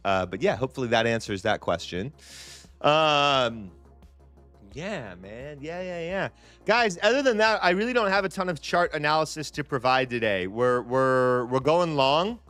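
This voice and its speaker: A man with a smooth, resonant voice at a middle pitch hosts a live trading stream. His talk is loose and chatty, full of repeated phrases and quick restarts. Faint music plays behind him. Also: fairly bright tone. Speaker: livestream trading host. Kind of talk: casual live-stream chat.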